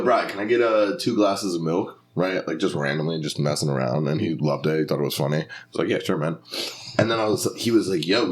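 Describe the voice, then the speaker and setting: Deep-voiced young comedian chatting. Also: male voice, a little hiss or hum. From Philadelphia. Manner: swears casually, slips into put-on voices for bits. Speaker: guest comedian. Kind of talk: casual podcast chat.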